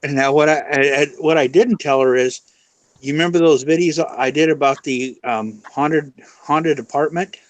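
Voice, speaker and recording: Male stream guest, chatty rambling storyteller, slightly high voice, dry close sound. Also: moderate pace, dry recording, poor audio. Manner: rambling anecdote full of "you know", acting out quotes. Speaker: friend and guest on a live stream. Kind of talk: casual storytelling chat.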